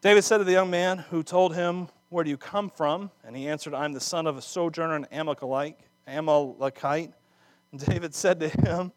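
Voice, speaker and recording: Animated male preacher, dry sound. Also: fairly high pitch, normal speed, no room sound. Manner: animated, dramatic readings of scripture with laughs and asides. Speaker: pastor. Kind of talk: sermon.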